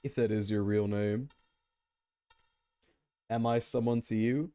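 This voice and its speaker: A man's voice: lowish voice, fairly even intonation, slow, mellow. A man streaming a game, rambling and joking back and forth with his chat. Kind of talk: casual gameplay commentary.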